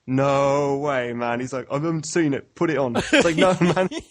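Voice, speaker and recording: A man's voice: mid-range voice, normal speed. Easygoing man telling stories. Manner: easygoing, chatty storytelling. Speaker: podcast guest. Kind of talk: casual podcast chat.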